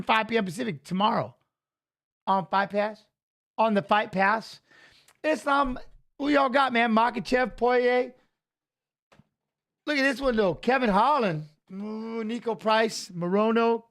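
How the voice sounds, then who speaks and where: A man with a fairly high voice hosts a live watch-along in a relaxed, chatty way. He talks straight to his viewers and greets them by name, with plenty of loose filler between his remarks. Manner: chatty, greets viewers by name, peppers talk with "you know what I'm saying". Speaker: livestream host. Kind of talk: casual live-stream chat.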